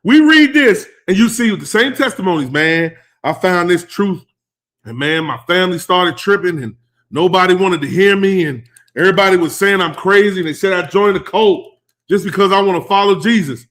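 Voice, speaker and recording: A man preaching a teaching sermon, conversational and emphatic, rising to loud stresses. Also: sits high, normal speed.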